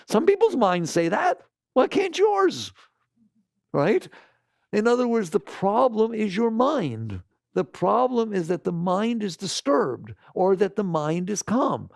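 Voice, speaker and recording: Gravelly animated man giving a spiritual talk. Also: high voice, moderate pace, no room sound, clean studio sound. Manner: animated, mimics inner voices in exaggerated quotes. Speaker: spiritual teacher. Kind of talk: spiritual talk to a live audience.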